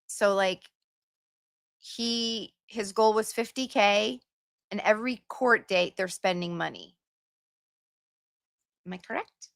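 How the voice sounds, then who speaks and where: A woman hosting a casual livestream, chatting warmly with viewers and reading their comments aloud. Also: mid-range voice, slow, vocal fry, pauses often, no echo, studio quality. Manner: gushing and chatty, sings little filler tunes. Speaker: livestream host.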